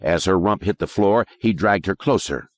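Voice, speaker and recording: A man narrating an audiobook in a measured, expressive way. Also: deep voice. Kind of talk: scripted narration.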